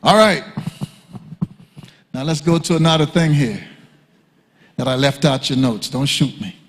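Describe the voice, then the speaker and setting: A man's voice: medium pitch, expressive, measured pace. An older man teaching at a church leadership conference, in a conversational style with joking asides. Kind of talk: teaching talk. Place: church hall. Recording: long hall reverb.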